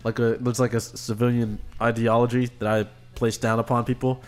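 A man's voice: medium pitch, little pitch movement, a little fast, darkish tone. A man co-hosting a casual podcast chat, laughing often and restarting his sentences. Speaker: podcast co-host.

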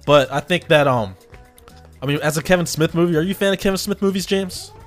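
A man's voice: on the high side, fast talker, faint music behind. A man hosting a radio show in casual chat, telling stories animatedly with frequent restarts and laughter.

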